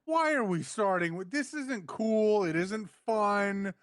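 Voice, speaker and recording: Male co-host, wry deadpan sidekick, unhurried delivery in a dry room. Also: high voice, no room sound. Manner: dry, deadpan quips, slow. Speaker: podcast co-host. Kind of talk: casual review chat.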